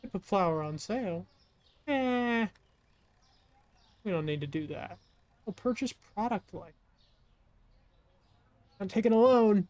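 A woman's voice: mid-range voice, animated, measured pace, long pauses, dark tone, dry recording. Joking woman streamer chatting over gameplay. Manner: joking, chatty asides to game customers. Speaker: gaming streamer. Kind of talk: casual let's-play commentary.

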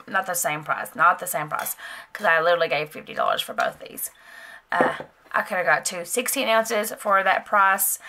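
Bright, bubbly woman unboxing nail products. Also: lowish voice. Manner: chatty and gushing, many fillers. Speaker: nail vlogger. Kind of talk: casual product unboxing chat.

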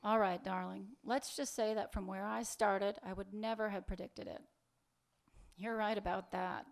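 A man's voice: high-pitched, fairly even intonation, normal speed, vocal fry. A man reading fiction aloud, voicing a weary, sarcastic woman who keeps brushing off her lover in a dry, teasing way. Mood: wry.

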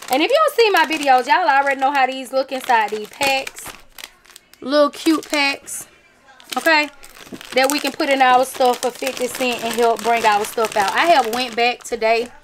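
A chatty woman with a bright, high voice talks straight to her viewers, calling them y'all. Her talk is casual and emphatic. Faint noise sits under the recording. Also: moderate pace. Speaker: vlogger showing a craft haul. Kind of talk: casual chat to camera.

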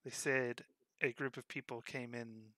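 A man voicing a stressed male town mayor who speaks in a worried, deliberate way in a tabletop game. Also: medium pitch, steady tone, pushed and bright, no room sound, studio quality.

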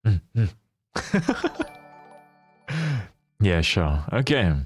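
A man's voice: on the low side, wildly swooping pitch, drawn-out words, faint music behind. A man chatting casually with his viewers as a livestreamer, playful and teasing, often laughing.

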